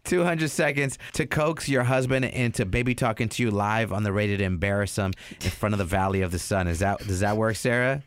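A man's voice: on the low side, brisk, few pauses, clean tone, dry recording. A man hosting a morning radio call-in show, cracking teasing jokes at a caller's story. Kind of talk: joking call-in radio banter. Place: radio studio.

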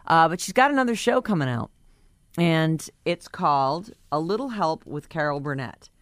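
A woman's voice: low-pitched, animated, normal speed, no echo, studio quality. A woman co-hosting a radio talk show, chatting casually as she reads out entertainment news items with her own asides.

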